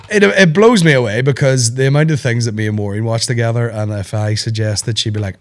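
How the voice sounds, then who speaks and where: A man's voice: medium pitch, moderate pace. A man with a cold, a comedian hosting a podcast in casual chat, telling stories with lots of swearing and laughter. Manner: sweary, animated storytelling, laughs often. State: sick with a cold.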